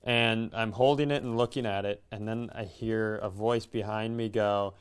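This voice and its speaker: Male comedian co-host, smooth resonant voice, rambling storyteller. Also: on the low side, steady tone, normal speed. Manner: rambling anecdotes with quoted voices. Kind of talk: casual storytelling chat.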